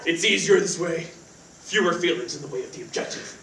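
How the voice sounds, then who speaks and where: A young male student actor playing a man who fakes a low, clipped assassin voice on a theater stage. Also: a little fast, close to an everyday voice. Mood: cold menacing. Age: young adult. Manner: low clipped deadpan menace. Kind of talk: live stage reading. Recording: echoey theater from far off, faint noise.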